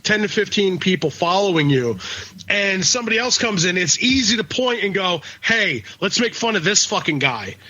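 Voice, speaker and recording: A man's voice: high voice, pushed and bright. A man from the northern US co-hosting a podcast, ranting in casual, profane chat. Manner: ranting, heavy swearing. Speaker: podcast co-host. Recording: dull lo-fi podcast audio.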